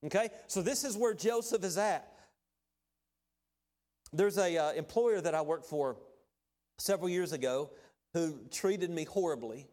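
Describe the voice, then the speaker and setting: A middle-aged pastor preaching a sermon in a conversational way, with asides and everyday illustrations. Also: male voice, on the high side, darkish tone.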